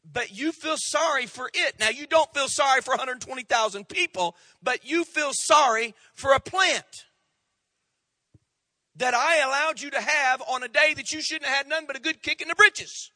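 A man preaching a sermon as pastor, swinging between loud rising outbursts and hushed drops. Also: extremely high pitch, moderate pace, no echo.

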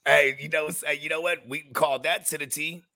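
A middle-aged man co-hosting a fantasy football show, talking in casual slang and telling animated stories. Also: a little high, fairly quick, dry recording. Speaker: podcast co-host. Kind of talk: casual chat.

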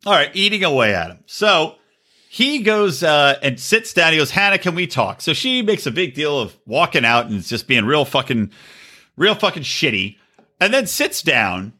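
A man co-hosting a podcast, swearing freely as he recaps a reality show with lively mimicry. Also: normal speed. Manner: profane, animated storytelling with shrill mimicry. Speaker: podcast co-host. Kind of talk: crude casual chat, recapping a reality show.

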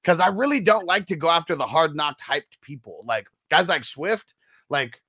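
Young man, bright voice, slangy laid-back stream host, dry close sound. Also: fairly high pitch, expressive, moderate pace, slightly rough, dry recording. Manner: slangy, laid-back, reads chat aloud. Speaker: fantasy football stream host. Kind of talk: casual stream chat.

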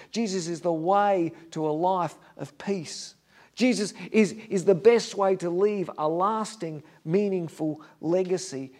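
High-voiced, slow-preaching male pastor. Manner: earnest preaching, dropping to a hush on key lines; standing before a congregation. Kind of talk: sermon.

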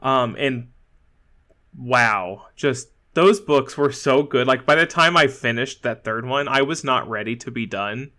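Bright-voiced chatty man. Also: mid-range voice. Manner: chatty, many fillers and restarts, quick laughs. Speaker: podcast co-host. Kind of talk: casual chat.

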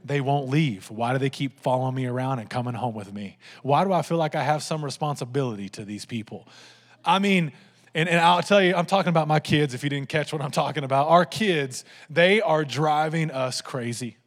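A pastor preaching a sermon, telling funny family stories to his congregation in an animated way. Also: a little high, fairly quick, in a large hall. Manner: animated, humorous storytelling to a congregation.

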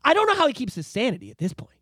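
A Canadian man on a podcast tears through a profane political rant. His voice swings wildly up and down at a rapid clip and keeps cracking into shouts before dropping low for sarcastic asides. The sound is close and dry. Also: wildly swooping pitch, dry recording. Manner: heated, profane ranting with shouted outbursts. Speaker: podcast co-host. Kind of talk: casual political chat.

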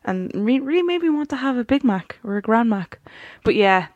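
A woman's voice: a little high, animated, moderate pace, no echo, dull audio. A woman co-hosting a podcast, chatting casually about a wrestling show, laughing often and rambling through restarts. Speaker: podcast co-host.

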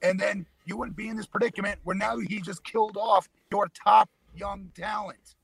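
A man's voice: sits high, fairly even intonation, moderate pace, vocal fry, a bit bright, husky, no room sound, poor audio. A man on a casual wrestling podcast, arguing booking points emphatically and lecturing his co-hosts. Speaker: podcast co-host. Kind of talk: casual wrestling opinion chat.

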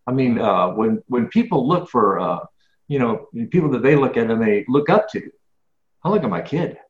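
A man's voice: mid-range voice, animated, normal speed. Emphatic middle-aged man, echoey lo-fi line. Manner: emphatic, many restarts and repeats. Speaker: guest speaker. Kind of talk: conversational interview. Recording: echoey, dull lo-fi sound.

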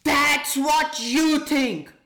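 A woman's voice: sing-song, slow, reverberant, full character voice. A woman voicing a small, brave male grasshopper, angry and screeching at a bully. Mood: defiant. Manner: shrill and screeching.

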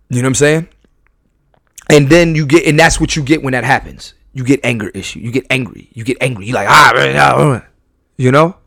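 A man at a middle pitch talks straight into a dry, close mic on his podcast. He speaks emphatically, circling back over his own phrases as he works out a thought. His voice jumps from loud bursts to low, quiet asides. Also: no room sound. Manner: emphatic, repeats and restarts phrases. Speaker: podcast host. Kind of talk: candid podcast monologue.

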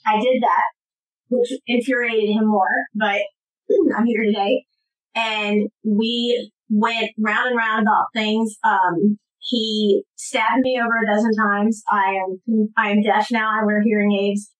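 A woman guest giving personal testimony in an interview, earnest and emphatic, with halting restarts. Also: mid-range voice, level tone, rough recording.

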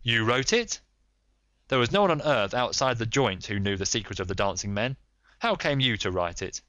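A man reading a volatile American man, grieving and defiant, with an American accent, loud and pleading. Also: mid-range voice, lively intonation, normal speed, no room sound. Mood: suspicious.

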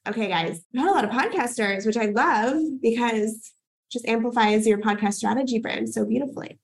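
A woman's voice: a little high, moderate pace, gravelly, rough recording. A young woman hosting a workshop as a podcast coach, enthusiastic and hyped, swearing casually as she cheers people on.

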